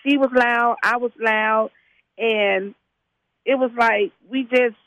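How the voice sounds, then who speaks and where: A woman football coach talks in a relaxed, conversational way, leaning on fillers as she goes. The sound is dry and close. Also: on the high side, takes it slowly, no echo, muffled recording. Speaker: high school football head coach. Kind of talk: casual interview talk.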